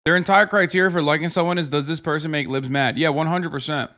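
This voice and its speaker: A man in his thirties ranting profanely on a livestream, often switching into loud mocking voices. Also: a little high, steady tone, fast. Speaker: streamer reacting to videos. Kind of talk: casual livestream commentary.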